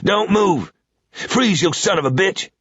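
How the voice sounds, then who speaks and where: A gruff old Southern man with a cool, slow drawl and a foul mouth, as a male narrator puts him on. His voice is pitched noticeably higher than the reader's own, and it sounds thinner and farther off. The audio is dull and lo-fi. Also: expressive, fairly bright tone, dry recording, heavily acted. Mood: furious. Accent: Southern American drawl. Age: 60s.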